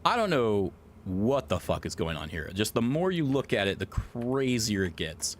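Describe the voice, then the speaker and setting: Excitable, profane man streaming casually. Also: fairly low pitch, moderate pace, a little hiss or hum. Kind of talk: casual live-stream chat.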